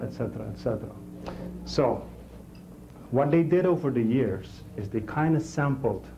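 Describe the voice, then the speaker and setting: Halting male instructor, mellow voice. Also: mid-range voice, slight background noise, low-quality recording. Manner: halting, repeats words, checks in with the class. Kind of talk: technical classroom lecture. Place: classroom.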